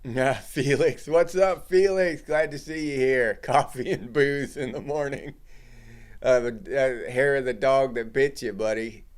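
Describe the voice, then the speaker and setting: With a mid-range voice and a slightly slow delivery, this middle-aged livestream host chats casually and says hello to viewers in the chat.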